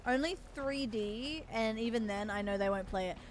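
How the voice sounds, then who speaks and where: A woman's voice: on the high side, normal speed, slight background noise. A woman in her thirties streaming, chatting casually and playfully with a friend while gaming. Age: 30s.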